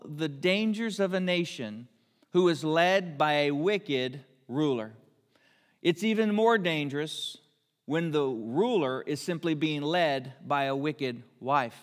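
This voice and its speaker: Preaching man in a reverberant hall. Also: on the high side. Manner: storytelling preacher, voices biblical characters briefly. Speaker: pastor. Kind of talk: sermon.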